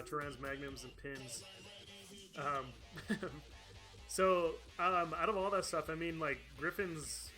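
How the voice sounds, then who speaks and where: A man's voice: a little high, pushed and bright. A man streaming a video game live, chatting casually, laughing often and thanking viewers by name. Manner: chatty, laughs often, reads out chat names and thanks donors. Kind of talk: casual live-stream chat over gameplay.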